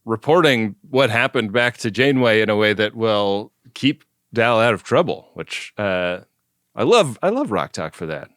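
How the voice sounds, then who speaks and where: A man's voice: fairly low pitch, sing-song, normal speed, fairly bright tone, clean tone, no room sound, clean studio sound. A man co-hosting a podcast, casually recapping an episode with a laid-back manner, easy laughs and lots of "like" fillers. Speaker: podcast co-host.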